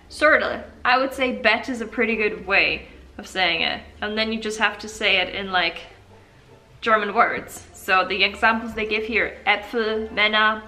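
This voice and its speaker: A woman's voice: medium pitch, pushed and bright. A woman casually vlogging about vowel sounds, joking, interrupting herself and sounding vowels out over and over. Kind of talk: casual language vlog.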